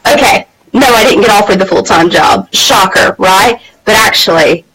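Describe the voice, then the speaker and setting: A woman's voice: mid-range voice, moderate pace, a bit bright, husky, poor audio. A woman hosting a motivational live stream, telling a personal story in a candid, chatty way with plenty of fillers. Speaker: host of a women's empowerment channel.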